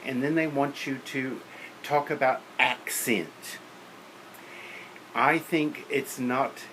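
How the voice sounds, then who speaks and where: A man's voice: medium pitch, fairly bright tone, slight background noise, rough recording. A man lecturing on teaching beginner band, practical and opinionated, counting and singing rhythms aloud. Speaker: music teacher.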